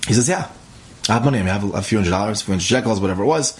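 A man's voice: on the low side, rapid-fire. A man telling a story in a casual, conversational way, acting out what each character says. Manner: conversational, acts out the characters' dialogue.

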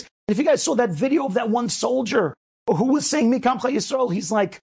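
Rabbi, male, gravelly and husky, animated storyteller who builds to emphatic calls. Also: very high-pitched, brisk. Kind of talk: inspirational talk.

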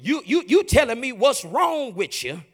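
A preacher playing a blunt, commanding God. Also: male voice, very high voice, big pitch swings, moderate pace, a bit bright, slightly rough, full character voice. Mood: stern. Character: God, stern and firm, refusing excuses.

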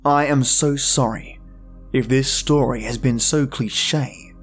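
Man, horror story narrator, podcast host, measured dramatic delivery, faint music bed. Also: medium pitch, fairly even intonation.

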